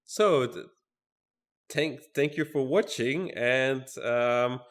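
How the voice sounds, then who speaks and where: A man co-hosting a podcast, closing the show in a loose, halting way. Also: medium pitch. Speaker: podcast co-host. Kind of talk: casual show sign-off.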